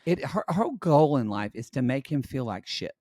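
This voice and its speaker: A man co-hosting a podcast, recapping a reality show in casual chat with catty, expressive commentary and free swearing. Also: medium pitch, normal speed, no room sound. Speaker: podcast co-host.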